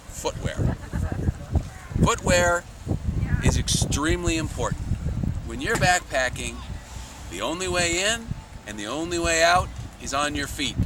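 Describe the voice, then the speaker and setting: A man explains backpacking clothing to scouts in a steady, deliberate instructional tone. He is recorded outdoors from a distance, so the voice sounds far from the mic. Loud wind and traffic noise run underneath him. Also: fairly high pitch. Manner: measured, plain, deliberate explaining.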